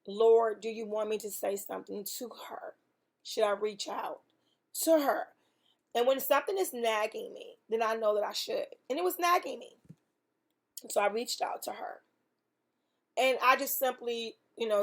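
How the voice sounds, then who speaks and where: A woman hosting a faith podcast, telling a testimony in an earnest, emphatic way with preaching repetition. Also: a little high. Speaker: podcast host.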